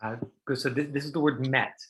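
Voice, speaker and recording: A man's voice: mid-range voice, steady tone, fast, rough recording. A middle-aged man teaching an online acting class, chatty and full of fillers, acting out line readings for his students.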